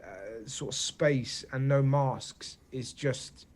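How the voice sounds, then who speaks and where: Animated English man telling stories. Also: mid-range voice, slow pace. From England. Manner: animated storyteller, repeats "do you know what I mean". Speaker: comedian guest. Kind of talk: casual interview chat.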